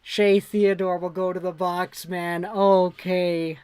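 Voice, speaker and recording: A man calling hockey play-by-play on his own livestream, excitable and jumping up loud on big saves. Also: high voice, takes it slowly, hardly any pauses, clean tone, no echo. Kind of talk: play-by-play commentary.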